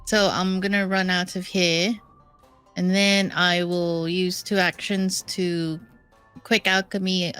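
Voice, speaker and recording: A woman playing a tabletop game talks slowly in a fairly low voice. She thinks aloud and second-guesses her moves. Faint music plays behind her. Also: flat delivery, a bit bright, smooth. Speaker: player.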